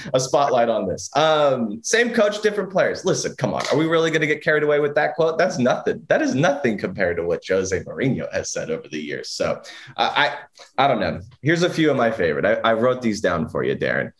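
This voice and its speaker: A man's voice: medium pitch, very animated, a little fast. A man co-hosting a sports talk show, chatting casually and teasing with frequent laughs.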